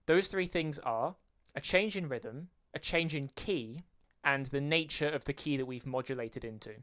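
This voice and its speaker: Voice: mid-range voice, moderate pace, a bit bright. A video creator explaining music theory in a lesson, counting beats aloud and singing rhythms to show them. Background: faint music playing.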